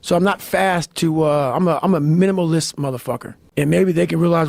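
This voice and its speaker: A middle-aged man talks in a raised, gravelly register, close and dry on the mic. He is blunt and swears constantly as he pushes a hard-edged motivational message. His delivery lurches from low growls into sudden shouted bursts. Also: a little fast, no echo. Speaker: motivational speaker. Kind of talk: intense profane monologue.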